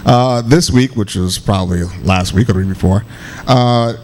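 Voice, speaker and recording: A man's voice: low-pitched, normal speed, a little mellow, slight background noise. A man co-hosting a casual talk show, laughing and mocking as he reads quotes aloud. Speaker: co-host. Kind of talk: casual podcast banter.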